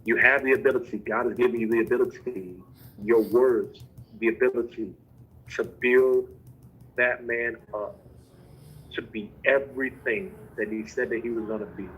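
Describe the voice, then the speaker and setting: A man giving relationship advice to women in a measured, emphatic preaching style. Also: medium pitch, steady tone, fairly bright tone, slightly rough, rough recording. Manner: measured, emphatic, building phrase by phrase. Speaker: co-host.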